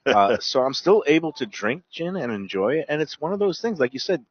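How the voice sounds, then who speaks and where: A man's voice: a little high, big pitch swings, a little fast, slightly rough, dull audio. A male TV host chatting enthusiastically about food and drinks, joking about himself. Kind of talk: casual food chat on a TV segment.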